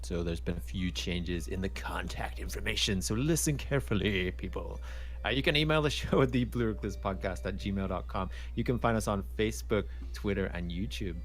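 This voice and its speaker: A man's voice: deep voice, fairly quick. A man co-hosting a gaming podcast, reading contact details with light jokes. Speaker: podcast co-host. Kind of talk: casual podcast chat.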